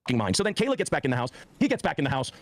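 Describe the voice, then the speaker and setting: A man's voice: mid-range voice, big pitch swings, racing. A man in his forties telling a heated personal story on a podcast, swearing often and acting out what others said. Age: 40s. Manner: profane, heated, acts out quoted speech.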